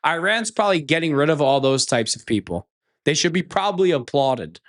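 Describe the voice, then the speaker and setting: A man's voice: a little high, expressive, fairly quick. Ranting, sarcastic male show host. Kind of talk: angry reaction commentary.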